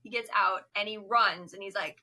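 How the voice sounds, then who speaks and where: Bright young woman retelling scenes. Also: steady tone, moderate pace. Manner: storytelling, laughs while acting out quotes in high squeaky bursts. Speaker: podcast co-host. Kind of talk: casual chat recapping a film.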